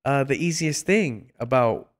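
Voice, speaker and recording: A man hosts a relaxed interview with a smooth, resonant voice. He often restarts sentences and hunts for words, and gently teases his guest. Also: mid-range voice. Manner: warm, halting, many restarts and fillers, playful teasing. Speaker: podcast host. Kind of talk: casual interview chat.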